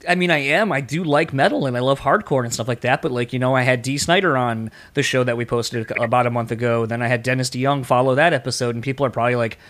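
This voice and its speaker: A man's voice: medium pitch, fast, hardly any pauses, a bit bright. A man hosting a music interview show, talking casually and leaning hard on fillers as an enthusiastic fan. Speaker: podcast host.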